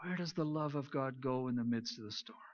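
A pastor preaching a sermon, retelling stories and moving between loud emphasis and soft, hushed lines. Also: male voice, mid-range voice, a little fast. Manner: storytelling, swings between loud emphasis and near-whispered quiet. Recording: dull lo-fi recording.

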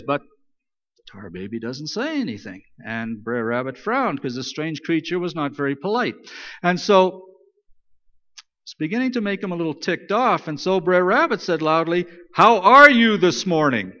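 A man's voice: a little high, in a large hall, lo-fi sound. A man preaching a sermon in a church, telling a folk tale in a casual, joking way. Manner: conversational, joking, animated storyteller. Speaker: pastor. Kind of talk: sermon with storytelling.

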